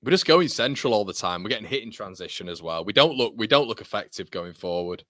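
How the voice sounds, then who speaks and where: A man's voice: on the low side, lively intonation, fairly bright tone, dry recording, clean studio sound. A man hosting a live football watchalong, reacting to play with heated, exasperated rants and frequent swearing. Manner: rapid reactions to the action. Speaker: football fan channel host. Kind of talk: live match watchalong commentary.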